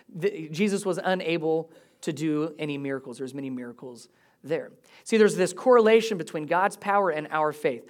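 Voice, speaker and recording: Man preaching a casual sermon. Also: a little high. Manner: conversational preaching, reads scripture aloud then explains it. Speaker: pastor.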